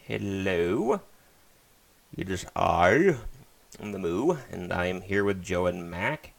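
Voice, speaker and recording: A man streaming a retro game, chatting casually in a flat, monotone way. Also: deep voice, slow, vocal fry. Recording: game music loud behind the voice. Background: game music.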